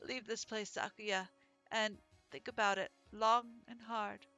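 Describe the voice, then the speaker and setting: A woman voicing a calm, laid-back young male pigeon student in a dating game, speaking gently. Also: medium pitch, slow pace, faint music behind. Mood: gentle farewell.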